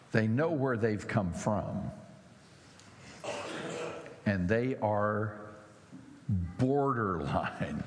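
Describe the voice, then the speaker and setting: A man preaching a sermon in an animated way, his voice climbing high when he mocks. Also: vocal fry. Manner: animated, mocking voices rising high and loud. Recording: echoey hall with faint noise.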